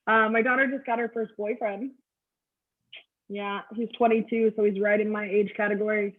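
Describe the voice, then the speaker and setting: Over a tinny, phone-like video call, a middle-aged woman performs a stand-up comedy set with a crude, offhand delivery. Her voice is mid-range, level in tone, and at normal speed.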